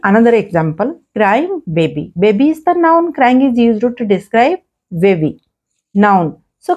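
A woman's voice: medium pitch, a little mellow. A woman teaching grammar, patiently repeating examples and asking and answering her own questions. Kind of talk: explaining grammar lesson.

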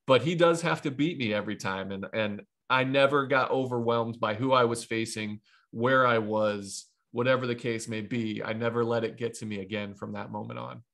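A man in his thirties from Ohio, a retired baseball pitcher telling stories as an interview guest, rambling with frequent restarts and asides. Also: a bit bright. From Ohio, USA. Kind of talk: casual interview storytelling.

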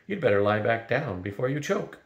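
A man's voice: medium pitch, very animated, a little fast, lo-fi sound. A bold young princess who speaks firmly and earnestly, as an older man reads her part. Her lines lift a little above his own voice. The recording carries a roomy echo.

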